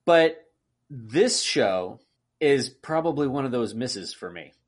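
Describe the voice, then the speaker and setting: A man co-hosting a podcast in casual chat, ranting with animated exasperation and acting out outbursts. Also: mid-range voice, slow. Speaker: podcast co-host.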